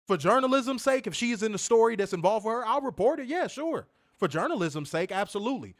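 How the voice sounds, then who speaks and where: Angry male co-host, high voice, profane heated rant on a stream. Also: animated, fast. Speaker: wrestling show co-host.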